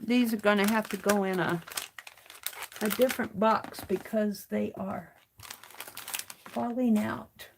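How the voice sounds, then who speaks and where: Woman, gravelly, slow-paced, crafting livestream host, muttering to herself, faint hiss behind. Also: mid-range voice, steady tone. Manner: slow, muttering to herself while working, greets chat warmly. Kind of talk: casual crafting livestream chat. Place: home craft studio.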